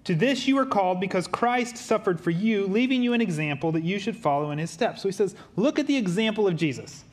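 Preaching a sermon as a pastor, this man has a fairly high voice and a brisk pace. He sinks into quiet, low tones when he wants weight, then rises into lively, joking asides that feel conversational.

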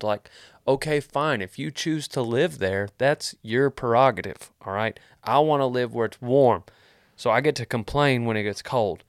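A man hosting a vlog, answering viewer questions in a rambling, deadpan joking chat. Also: medium pitch, normal speed, no room sound, studio quality. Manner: joking, deadpan, wandering asides.

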